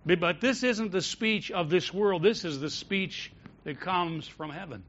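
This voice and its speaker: A man preaching a sermon as pastor of a church, shifting between loud emphatic declarations and quiet storytelling. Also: high voice, unhurried, highs cut off.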